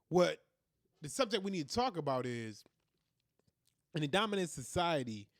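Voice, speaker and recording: Host, male, high-pitched, fiery profane rant, dry close sound. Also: no room sound. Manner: heated, ranting, profane. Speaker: commentary host. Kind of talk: opinion monologue.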